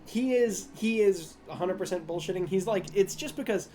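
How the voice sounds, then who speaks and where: A man's voice: sits high, normal speed. A man narrating as game master of a tabletop game, rambling with lots of fillers. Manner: rambling, filler-heavy, laughs often.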